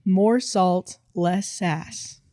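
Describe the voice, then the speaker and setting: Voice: mid-range voice, drawn-out words, dark tone, no echo. A narrator reading online posts aloud in casual storytime style, with dry, playful emphasis.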